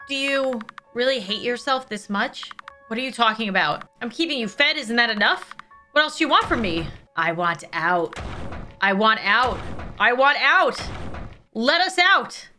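A woman's voice: a little high, pushed and bright. Woman voicing monsters faking a parent's voice. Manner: coaxing, then pleading and demanding. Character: monsters mimicking a girl's parents, coaxing then angry.

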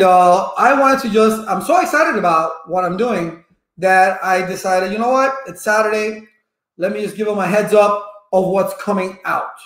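A man's voice: sits high, a bit bright, reverberant. A man running a live-streamed networking lesson, chatty and repetitive, stopping to greet viewers in the chat. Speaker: networking instructor.

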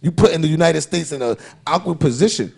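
Gravelly, husky man in heated chat. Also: fairly high pitch, quick pace. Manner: animated, swearing, acts out quoted voices. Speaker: podcast co-host.

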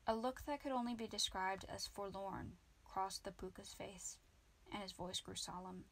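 A woman narrating a children's book in an amateur audiobook, reading lively. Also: medium pitch, moderate pace. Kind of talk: children's book read-aloud.

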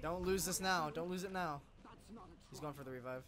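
A young man giving casual, excitable live gameplay commentary, cheering and swearing. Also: on the high side, moderate pace. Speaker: gaming streamer.

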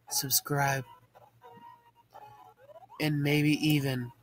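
A man giving profane, deadpan muttered commentary while playing a video game, framed as a mock ASMR video. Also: medium pitch, slow, soft background music. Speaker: gaming channel host.

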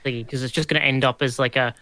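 A man's voice: medium pitch, fairly even intonation, very fast, bright, forceful tone, no room sound. A man playing a tabletop game, talking hesitantly with many fillers. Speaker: player.

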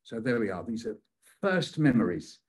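At a moderate pace and with big pitch swings, an older British man's mid-range, slightly rough voice guides a poetry workshop. He playfully tells stories from his childhood and repeats phrases in rhythm as part of the lesson.

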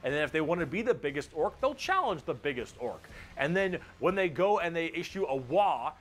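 A man narrating a comedic explainer video in an excitable, jokey manner, swearing freely. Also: fairly high pitch. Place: played from a video inside a reaction stream.

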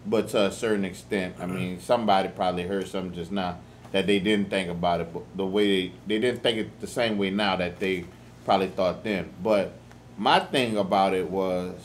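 A man's voice: deep voice, fairly even intonation, fairly quick, slight background noise. A man from New Orleans with a New Orleans accent, co-hosting a podcast in casual, laid-back, reflective chat. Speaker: podcast co-host.

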